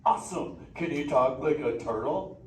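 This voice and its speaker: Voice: mid-range voice, expressive, distant mic, natural voice. Crush, a performer doing a chill surfer turtle. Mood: laid-back. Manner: surfer slang, drawn-out exclamations, chuckling. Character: laid-back surfer sea turtle, male, old and mellow. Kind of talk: live interactive theme park show. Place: indoor theater show. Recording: echoey theater heard from afar, noisy.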